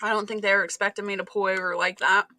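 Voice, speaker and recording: A woman's voice: medium pitch, level tone, fast, sharp tone, no room sound. A woman hosting a livestream, chatting casually and playfully about her pranks. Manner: playful, joking. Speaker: livestream host.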